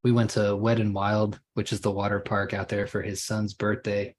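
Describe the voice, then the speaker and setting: A man's voice: on the low side, flat delivery, moderate pace, slight background noise. A man hosting a podcast, telling rambling stories in a casual, profane way. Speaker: podcast host.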